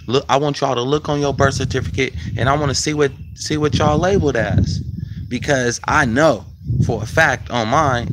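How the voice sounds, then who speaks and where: A man's voice: mid-range voice, background noise. Casual man talking straight to viewers. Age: 40s. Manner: loose and conversational, addresses viewers as y'all. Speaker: video host.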